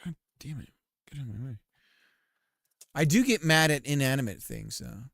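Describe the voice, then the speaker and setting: A man in a casual live-stream chat, rambling and self-deprecating with plenty of swearing and filler words. His voice sits at an ordinary middle pitch. It is picked up on a close desk mic with a dry, dead sound. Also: very animated, moderate pace, gravelly, fairly bright tone, no room sound. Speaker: game developer streamer.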